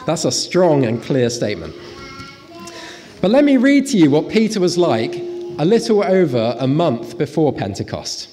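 A man's voice: a little high, slight background noise. A man preaching a sermon to a congregation in church, talking to them directly and reading aloud from scripture. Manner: lively, animated preaching with pauses for the congregation. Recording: long reverb of a church hall.

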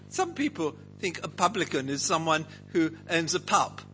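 A man's voice: a little high, very animated, unhurried, pushed and bright, faint music behind, low-quality recording. A man teaching a Bible passage to a group, asking them questions and acting out quotes. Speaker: preacher leading a Bible study.

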